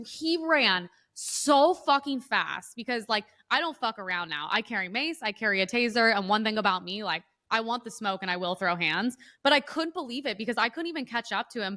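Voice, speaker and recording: A woman's voice: fairly high pitch, expressive, a little fast, few pauses, bright, forceful tone. A woman co-hosting a podcast, telling heated stories in casual political chat, profane and emphatic. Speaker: podcast co-host. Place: Los Angeles.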